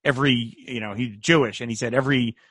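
A man's voice: medium pitch, fast, no echo, clean studio sound. A man co-hosting a podcast, chatting casually about an old movie and acting out lines in quoted voices. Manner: animated, acts out quoted voices. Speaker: podcast co-host. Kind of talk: casual film discussion.

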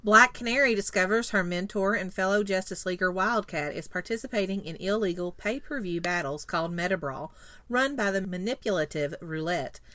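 A female podcast co-host with a middle-pitched voice and a dry, close recording. She teases her co-hosts and reads plot recaps smoothly. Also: a little fast, pushed and bright, no room sound. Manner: teasing, playful. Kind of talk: casual chat and scripted episode recap.

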